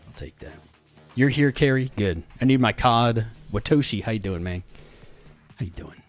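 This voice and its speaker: A man's voice: medium pitch, lively intonation, moderate pace, soft background music. A male livestream host in casual chat, bantering and greeting viewers one by one by name. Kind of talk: casual live-stream chat.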